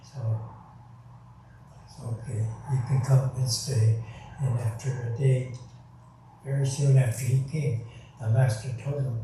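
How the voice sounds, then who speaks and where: A man gives a calm sermon in a very deep, mellow tone. The sound is strongly echoey and picked up from a distance, as in a large temple hall. He speaks unhurriedly, with pauses and quick "right?" check-ins. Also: a little hiss or hum. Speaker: Buddhist minister. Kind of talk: sermon with storytelling. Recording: very echoey hall, mic far off.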